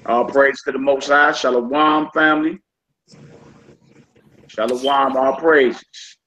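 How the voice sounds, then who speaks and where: Man teaching a relaxed online class. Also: mid-range voice, slow. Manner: relaxed, repeats each word aloud, slangy asides. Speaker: Hebrew teacher. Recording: slightly dull lo-fi with faint noise.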